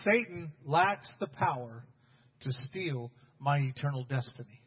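A man preaching a sermon as pastor, talking straight to his congregation and building to loud, emphatic bursts. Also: a little high, animated, unhurried, big-room sound, muffled recording, a little hiss or hum.

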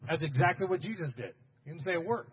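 A man preaching a sermon as pastor, talking straight to his congregation and building to loud, emphatic bursts. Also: fairly high pitch, animated, fast, in a large hall, highs cut off, slight background noise.

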